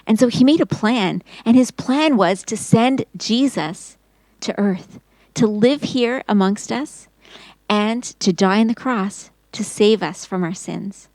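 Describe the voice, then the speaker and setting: Expressive woman telling a children's Bible story. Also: mid-range voice, slow, no echo, low-quality recording. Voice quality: expressive storyteller, acting out quotes in raised voice. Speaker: Sunday school teacher.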